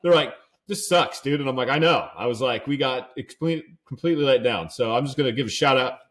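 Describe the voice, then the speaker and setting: A man's voice: medium pitch, quick pace, fairly bright tone. A young man from California, co-hosting a podcast, telling a rambling casual story full of "like" and "dude". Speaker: podcast co-host.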